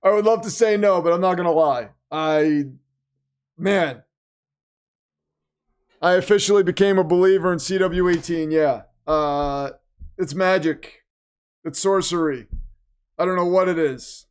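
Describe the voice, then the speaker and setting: A man hosting a live watch party, reacting excitedly to the game and reading viewer comments aloud, his voice getting worn. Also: high-pitched, measured pace, long pauses, clean tone. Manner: animated, exclaiming, reads chat aloud. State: losing his voice. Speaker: livestream host.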